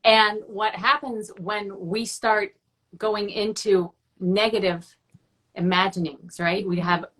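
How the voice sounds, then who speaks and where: A woman co-hosts a relaxed spiritual conversation, her pitch sitting in a middle range. She tells stories in a reflective way, dropping "right?" after many points. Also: takes it slowly, rough recording. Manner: reflective storytelling, frequent "right?" tag questions. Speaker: co-host. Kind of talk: spiritual casual chat.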